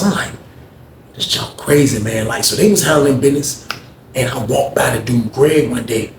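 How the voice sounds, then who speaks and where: A man's voice: mid-range voice, background noise. A man telling a casual story in slangy speech, talking to listeners as y'all. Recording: echoey room with faint ambience.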